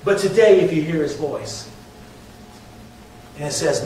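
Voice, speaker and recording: Pastor, fervent preaching that drops to quiet prayer, big reverberant church, faint hum behind. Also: male voice, on the high side, a little fast. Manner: impassioned preaching, swinging from loud to hushed. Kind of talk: sermon with altar call and prayer. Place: large church sanctuary. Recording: very echoey hall, mic distant.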